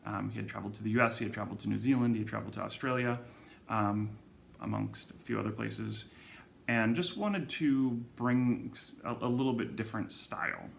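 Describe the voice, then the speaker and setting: A man's voice: fairly low pitch, fairly even intonation, brisk, vocal fry, slight background noise. A man hosting a wine club video, chatting casually with lots of ums and self-corrections. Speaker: wine shop host presenting monthly wine club picks. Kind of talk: casual video talk to camera.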